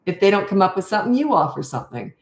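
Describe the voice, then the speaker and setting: A woman's voice: mid-range voice, very animated, rapid-fire. A middle-aged woman parenting coach talking casually through a live Q&A. She is tired and chatty, and often drifts off on tangents. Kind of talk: live Q&A chat. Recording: roomy echo.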